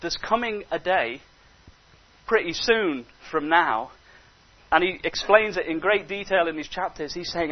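Unhurried and with a breathy edge, a high-voiced male preacher gives a sermon that dips into hushed asides and swells into emphatic exhortation. His delivery stays animated, captured in a dull, lo-fi recording.

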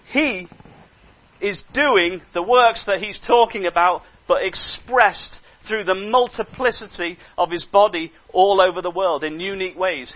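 A high-voiced male preacher delivering a sermon, his voice dropping to hushed asides and then rising into emphatic exhortation. The recording is dull and lo-fi. His delivery stays animated throughout.

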